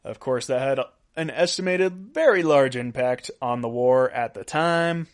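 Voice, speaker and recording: A man's voice: mid-range voice, measured pace. Joking male podcast host. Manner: jokey, laughs at his own asides. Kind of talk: solo news podcast countdown.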